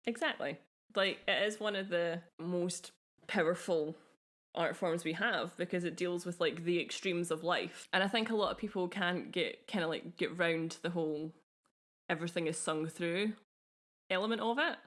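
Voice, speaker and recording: A woman's voice: lowish voice, moderate pace, fairly bright tone. A young woman co-hosting a podcast, talking in an easy, enthusiastic way and laughing often. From Scotland. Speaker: podcast co-host. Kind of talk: casual podcast chat.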